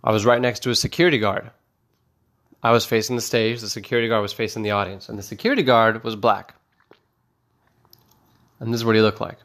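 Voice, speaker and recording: A man's voice: on the low side, fairly even intonation, brisk, pauses often, fairly bright tone. A man doing rambling, profane stand-up comedy, telling self-mocking stories.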